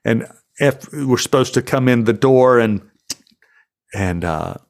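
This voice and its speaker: A man's voice: medium pitch, takes it slowly. American guy, middle-aged, yarning on a podcast, jumps into silly voices for quotes. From United States. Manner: animated storyteller acting out voices in quotes. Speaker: actor guest. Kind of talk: storytelling interview.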